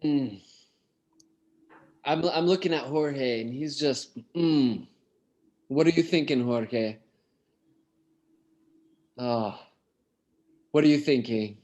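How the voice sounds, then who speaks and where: Slow-speaking male English teacher. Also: medium pitch, a little mellow, dull audio. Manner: slow, encouraging, asks students questions. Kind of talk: online class teaching.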